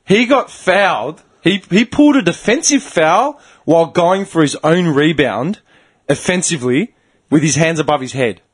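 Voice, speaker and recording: Husky guy on a podcast ranting through a story, pitch all over the place. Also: normal speed. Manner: animated, swearing, acts out the people in his story. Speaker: podcast host. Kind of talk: casual storytelling chat.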